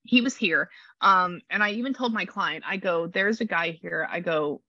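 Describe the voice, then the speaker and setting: A woman leads a casual reading session, talking in a bright, tense, excitable way and circling back on herself. Her voice is crisp in the highs, but the recording sounds dull and completely dry. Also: moderate pace, no room sound. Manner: animated, rambling, exclamatory. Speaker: psychic medium.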